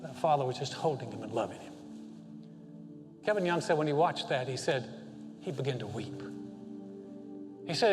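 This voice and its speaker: A male senior pastor preaching a sermon, impassioned, moving between loud exhortation and hushed tender passages. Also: mid-range voice, animated, normal speed, pauses often, music in the background. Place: church sanctuary. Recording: long hall reverb.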